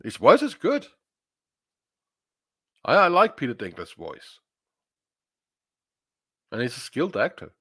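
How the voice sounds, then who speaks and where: A man guesting on a casual review chat speaks slowly and in a measured, opinionated way. His pitch moves around a lot, and the sound is dry and close. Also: wildly swooping pitch, bright, forceful tone, breathy edge, no echo.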